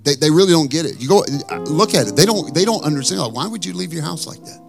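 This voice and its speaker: A male pastor preaching a sermon with animated, blunt storytelling and emphatic asides. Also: on the high side, fast, vocal fry, over music.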